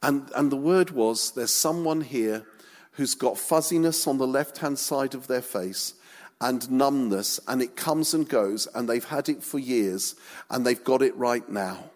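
A man's voice: medium pitch, a little slow, darkish tone. A man preaching a humorous sermon, telling stories against himself and building up to emphatic calls to obey. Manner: storytelling, self-mocking, building to emphatic exhortation. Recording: echoey hall recording.

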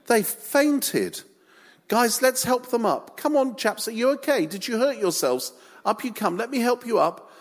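A man voicing a gentle, fussing Jesus who bustles to help people up. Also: very high voice, lively intonation, a little slow, in a large hall, pitched above the performer's own voice, exaggerated voice. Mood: fussing kindly. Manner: fussy, cheerful, coaxing. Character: gentle, fussing male Jesus, kindly helper.

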